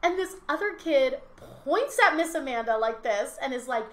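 Young woman teacher chatting on a podcast, bright voice, acts out the kids, kinda echoey room. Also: high voice, normal speed. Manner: animated storyteller, acts out kids' voices. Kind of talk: casual podcast chat. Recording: roomy echo.

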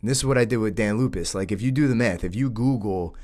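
Laid-back man in his thirties, low voice. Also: quick pace, a little mellow. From New York, United States. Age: 30s. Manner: easygoing, says dude and man often. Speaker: podcast host. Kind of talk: casual chat.

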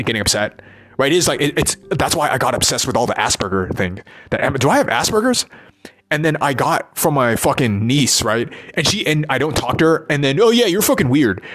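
A man's voice: medium pitch, fairly bright tone. A man talking in a rambling monologue, full of restarts and repeated "right?" checks, about his work as a performer. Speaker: musician and performer.

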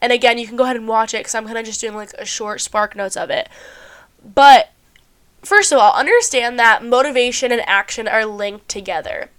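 Chatty young woman, smooth stuffy voice. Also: a little high, a little fast, a bit bright. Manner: chatty, swears often, heavy use of "like". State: stuffy-sounding. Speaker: podcast host. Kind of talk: casual self-help chat.

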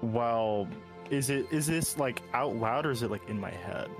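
Puzzled man player, low-set voice. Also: normal speed, gravelly, faint music behind. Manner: puzzled, hesitant. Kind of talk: casual tabletop play.

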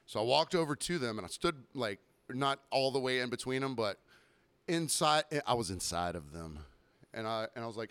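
A man's voice: mid-range voice, expressive, normal speed, fairly bright tone, smooth, no room sound. A man hosting a podcast, telling a story in casual chat, rambling and swearing often. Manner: profane, rambling, with acted quotes. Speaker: podcast host.

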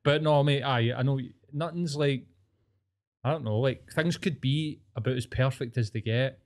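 A man's voice: medium pitch, normal speed. A man in his forties with a Glaswegian Scottish accent, telling rambling stories in casual chat and swearing freely. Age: 40s.

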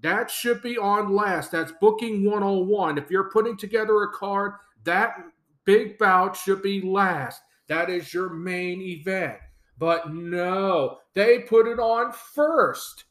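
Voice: medium pitch, slow pace, a bit bright. A podcast host delivering a solo rant, exasperated and sarcastic, who repeats phrases for emphasis. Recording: roomy echo.

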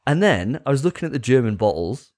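Jokey man hosting, lively pitch. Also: quick pace. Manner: jokey, crude banter. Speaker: podcast host. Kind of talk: casual chat.

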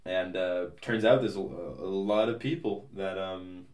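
Deep-voiced young man, rambling. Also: measured pace, a little mellow, roomy sound, recorded from a distance. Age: young adult. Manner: rambling, hesitant, many fillers and restarts. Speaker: podcast guest. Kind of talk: casual interview chat.

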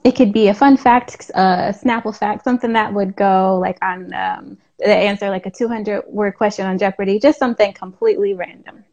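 A woman's voice: medium pitch, fairly even intonation, normal speed, few pauses, darkish tone, highs cut off. A woman hosting a casual live interview, chatty and encouraging, with lots of fillers. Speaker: podcast host. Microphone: live stream call.

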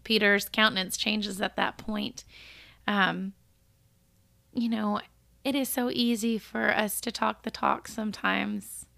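With a mid-range voice, slow delivery and vocal fry, this woman co-hosts a relaxed Bible study podcast. She reads passages aloud, talks them through, and becomes lively when quoting.

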